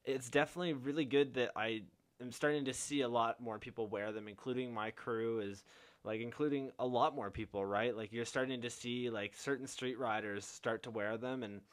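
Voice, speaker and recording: A man's voice: medium pitch, steady tone, moderate pace, smooth. A young man hosting a podcast in casual chat, laid-back, peppering his talk with swearing and fillers. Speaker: podcast host.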